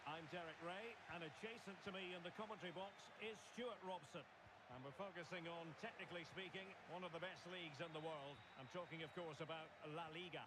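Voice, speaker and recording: High-voiced male football play-by-play caller. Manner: measured, rising sharply on scoring chances. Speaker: play-by-play commentator. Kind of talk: scripted video game match commentary. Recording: game audio under loud noise.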